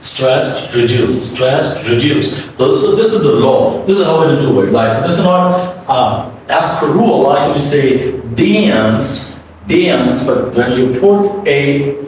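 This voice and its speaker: A man teaching English pronunciation, modeling words slowly and repeatedly and asking the listener to say them back. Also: fairly high pitch, animated, darkish tone. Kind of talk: classroom-style pronunciation lesson. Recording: echoey room from a distance with faint background hum.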